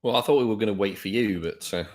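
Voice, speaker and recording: A man's voice: lowish voice, fast. A man playing a tabletop game over an online call, joking and talking expressively. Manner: expressive, joking, swings between voices. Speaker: player. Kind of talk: casual tabletop play.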